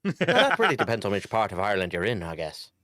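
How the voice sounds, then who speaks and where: A man from Britain in a casual podcast chat, quick, lively and sweary. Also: on the low side, no echo, studio quality.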